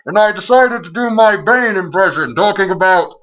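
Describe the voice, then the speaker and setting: A man putting on an impression of a male wrestler doing a Bane voice, slow, grandiose and theatrical. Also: sits high, animated, phone-quality sound, voice pushed up.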